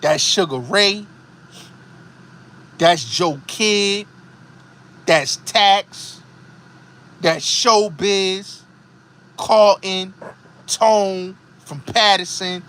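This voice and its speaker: A man's voice: high voice, very slow, pauses often, a bit bright. A middle-aged man from the Bronx with a New York accent, hosting a show and ranting in a heated, emphatic, repetitive way. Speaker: host. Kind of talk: heated commentary monologue.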